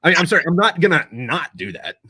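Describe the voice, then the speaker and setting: A man, a guest telling stories with profane, deadpan joking rants. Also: on the high side, fast talker, slightly rough, no room sound. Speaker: guest, veteran and video creator. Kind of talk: casual chat.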